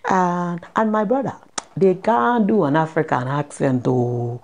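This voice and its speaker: A woman's voice: on the low side, normal speed. A middle-aged woman from Britain, an actor chatting animatedly in an interview in her theatre dressing room, laughing often. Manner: animated, laughing, lively asides. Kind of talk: casual interview chat.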